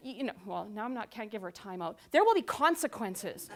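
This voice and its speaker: A woman in her forties giving a lively, conversational talk, asking the audience questions and acting out scenes. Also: medium pitch, fairly quick, hardly any pauses. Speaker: conference speaker.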